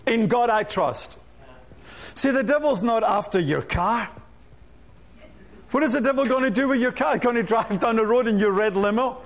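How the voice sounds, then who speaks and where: A man preaching a lively sermon, full of rhetorical questions and humorous asides. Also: very high-pitched, normal speed.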